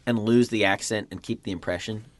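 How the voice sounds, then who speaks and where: A man's voice: lowish voice, fairly even intonation, brisk. A man from Oklahoma chatting casually, rambling and trailing off with lots of fillers. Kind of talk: casual chat.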